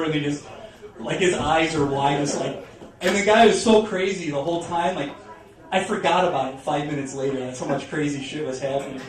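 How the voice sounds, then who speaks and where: A young man rambles through a profane stand-up story on a club stage, chuckling at his own punchlines. His voice sits a little high and sounds far from the microphone. The room rings with heavy echo, and a crowd is plainly heard around him. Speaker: stand-up comedian. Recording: roomy, distant mic, audience noise. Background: audience in a club.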